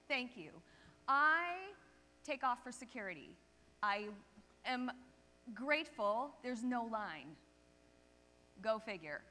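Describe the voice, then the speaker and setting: A woman chiropractor giving a seminar talk, telling lively anecdotes and checking in with the audience. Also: fairly high pitch, slow, pauses often. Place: seminar hall stage. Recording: long reverb of a seminar hall.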